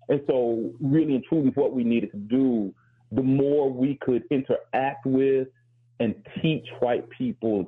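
A man's voice: fairly low pitch, husky. A man co-hosting a talk show, speaking earnestly and reflectively, often repeating words as he starts a thought. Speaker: professor and show co-host. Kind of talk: casual talk-show discussion. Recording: phone-like narrow band.

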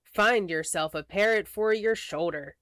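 A woman voicing a gruff, bossy male pirate captain bunny, barking orders in a storybook reading. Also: medium pitch, unhurried, fairly bright tone, no echo, studio quality, lightly acted.

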